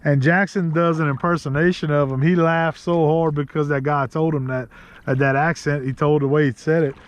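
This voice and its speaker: A man with a Louisiana accent hosting a casual outdoor vlog from a kayak in the marsh, chatty and quick to laugh. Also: fairly high pitch, steady tone. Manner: chatty, laughs easily, rambling asides. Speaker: host.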